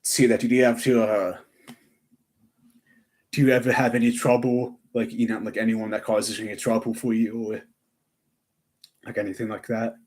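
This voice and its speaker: A man's voice: lowish voice, little pitch movement, normal speed, pauses often, a little mellow. A young man chatting on a live stream, rambling with lots of fillers and restarts. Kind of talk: casual live-stream chat.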